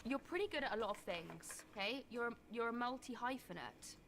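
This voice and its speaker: A woman's voice: on the high side, expressive, brisk, fairly bright tone. A woman interviewing a guest, teasing him playfully and laughing often. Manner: teasing, giggly. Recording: faint background noise.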